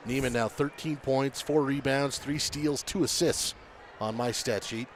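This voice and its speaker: A man giving relaxed color commentary on a basketball game, adding stats and asides. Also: medium pitch, a little slow, a little hiss or hum.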